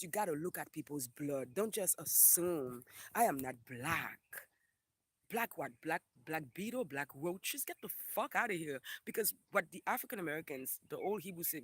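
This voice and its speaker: Haitian guy ranting on a livestream, high bright voice, swears a lot, repeats himself for emphasis. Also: breathy edge, no room sound. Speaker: livestream host reading viewer comments. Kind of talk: casual livestream rant.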